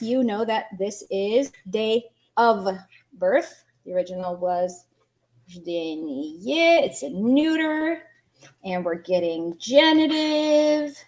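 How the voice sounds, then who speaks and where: A woman's voice: fairly high pitch, darkish tone. A woman teaching an online language lesson, explaining grammar patiently and quizzing her students. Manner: patient, explains slowly, asks students questions.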